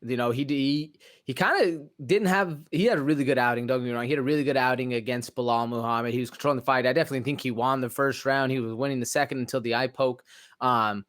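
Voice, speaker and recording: A man's voice: mid-range voice, fast. A man with a mid-range voice, co-hosting a sports podcast. He talks loosely and casually, leaning on slang and fillers. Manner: relaxed, slangy, many fillers. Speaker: podcast co-host.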